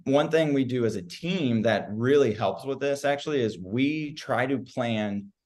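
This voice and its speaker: A man's voice: medium pitch, measured pace, a little mellow. A man guesting on a podcast, talking upbeat and casually about running his practice, with lots of "like" fillers. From United States. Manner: upbeat, filler-heavy with frequent "like". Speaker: chiropractor guest.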